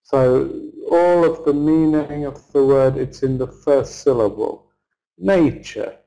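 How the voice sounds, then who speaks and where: A middle-aged man teaches English pronunciation, modelling each word slowly and clearly so learners can repeat it. His voice is mellow and relaxed, and he takes his time over every syllable. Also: mid-range voice, rough recording. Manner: slow, deliberate, modelling words for repetition. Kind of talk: pronunciation lesson, slow drills.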